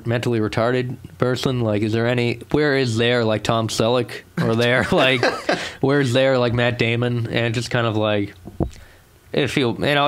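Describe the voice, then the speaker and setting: A young man with a Boston accent co-hosting a podcast in casual banter, rambling with lots of fillers and restarts. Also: mid-range voice. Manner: rambling, many fillers and restarts, laughs often. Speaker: podcast co-host.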